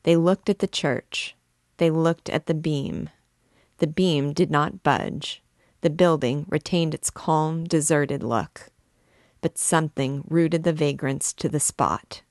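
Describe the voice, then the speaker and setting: A woman with a low voice reads a classic novel aloud at a measured pace. She gives the characters' cries a little extra lift. The recording is close and dry. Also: animated, no echo. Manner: measured, lightly voicing the characters' shouts. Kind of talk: unabridged audiobook reading.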